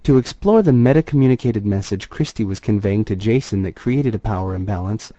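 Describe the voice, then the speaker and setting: Mellow-voiced man reading a training course. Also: fairly low pitch, animated, dry recording. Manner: measured, explanatory reading. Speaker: therapist and trainer. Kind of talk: scripted instructional narration.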